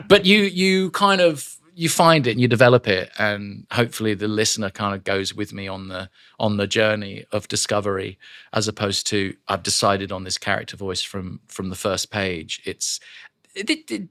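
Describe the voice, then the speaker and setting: A man with a lowish voice, recorded close and dry in a studio, talks shop as a guest narrator. He tells stories with plenty of laughter and sudden jumps into accents and character voices. His delivery is loose and conversational. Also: normal speed, dry recording. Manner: animated storyteller, laughs often, slips into accents. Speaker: voice actor and audiobook narrator, guest. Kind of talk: casual studio chat.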